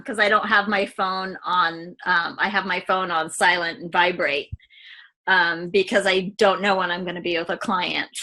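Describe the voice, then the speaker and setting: Woman realtor for a testimonial spot, bright voice, heartfelt, chatty with fillers. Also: medium pitch. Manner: candid, heartfelt, many fillers. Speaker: real estate agent client. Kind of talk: client testimonial interview.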